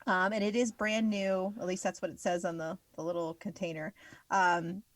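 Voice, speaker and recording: A woman co-hosting a casual podcast, bubbly and excitable, laughing often as she talks. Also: fairly low pitch, moderate pace, dry recording. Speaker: podcast co-host.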